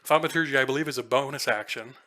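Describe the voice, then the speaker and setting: A man's voice: medium pitch, quick pace, sharp tone. A man narrating a tabletop game as game master, casual and playful, with many filler ums.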